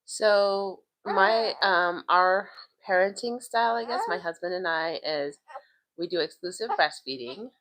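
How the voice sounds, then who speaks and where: Young mom host, casual livestream chat from home, lowish voice, very dry close sound. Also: female voice, a little slow, fairly bright tone, dry recording, rough recording. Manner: chatty, frequent "like" fillers. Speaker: parenting vlogger. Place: home, doing chores. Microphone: livestream mic.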